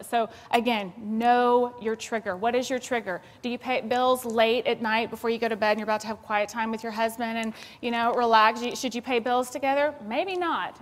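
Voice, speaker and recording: Texan woman with a high voice. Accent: Southern US (Texas). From Texas. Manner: animated storyteller, acts out her own panicked voice. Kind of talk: storytelling talk to an audience. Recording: long reverb of a large hall.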